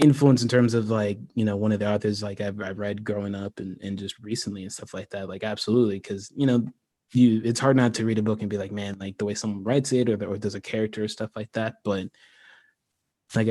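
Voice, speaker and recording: Talking fairly quickly in a low-ish voice, this American creator rambles on a livestream about his fantasy world. He keeps things relaxed, leaning on "like" and laughing frequently. There's no echo.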